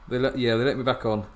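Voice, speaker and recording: A man's voice: mid-range voice, creaky. Male streamer reacting live, loose rambling delivery, ordinary mid-range voice. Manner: rambling, restarts often, laughs a lot.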